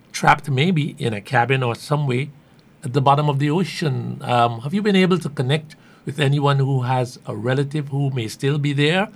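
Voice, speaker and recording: A man's voice: medium pitch, creaky. Earnest male host. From Guyana. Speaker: radio host. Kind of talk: interview.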